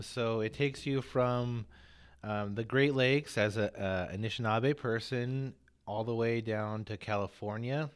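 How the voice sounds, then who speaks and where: A man on a podcast as a guest, talking in a relaxed, jokey way and explaining things with fillers. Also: mid-range voice, smooth. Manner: relaxed and jokey, chewing crackers at times. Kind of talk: casual interview chat.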